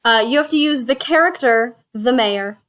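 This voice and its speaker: A woman with a slightly high voice hosts a casual board game session. She reads out each card, counts the spaces aloud and drops in chatty asides between rolls. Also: normal speed, a bit bright. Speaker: host.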